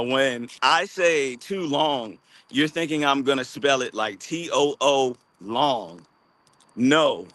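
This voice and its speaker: Man, Baltimore accent, bright sharp tone, casual walking livestream chat, slangy, filler-heavy. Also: mid-range voice, dry recording. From Baltimore, USA. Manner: loose, rambling, slangy, with many fillers. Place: outdoors, walking.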